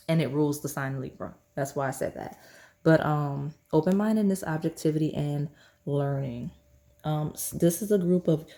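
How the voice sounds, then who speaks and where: Low-voiced rambling tarot reader woman. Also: darkish tone. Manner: rambling, chatty, many fillers and restarts. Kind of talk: casual pick-a-card tarot reading.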